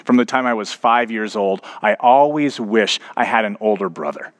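A man's voice: on the low side, normal speed. A man in his thirties, a pastor preaching a sermon, telling a story and building to emphatic points.

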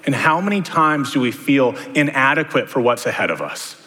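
A man's voice: mid-range voice, very animated, normal speed, sharp tone. A man preaching a sermon, talking to the congregation in a conversational way with many rhetorical questions. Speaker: pastor. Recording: long hall reverb.

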